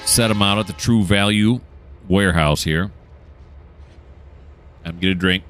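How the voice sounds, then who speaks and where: There's a little hiss or hum as a man with a low, fairly bright voice comments a bit slowly on his train simulator gameplay. He keeps it casual and rambling, joking around at his own expense.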